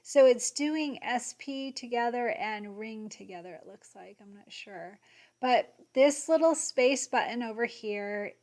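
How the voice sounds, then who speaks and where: A woman hosting an embroidery software tutorial, excitable and gushing, sometimes muttering to herself as she clicks along. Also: on the high side, a little slow. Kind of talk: screen-share software tutorial.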